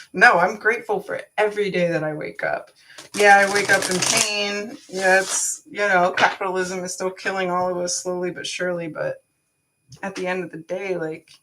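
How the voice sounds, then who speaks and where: Chatty woman reading tarot live, lowish voice. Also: a bit bright. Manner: chatty, talks to viewers by name; frank, swears casually. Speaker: tarot card reader.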